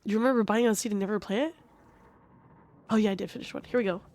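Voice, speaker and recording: A woman's voice: mid-range voice, steady tone, quick pace, a little mellow. A woman streaming a game, chatting casually in a rambling, profane and passionate way. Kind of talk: casual gaming stream chat.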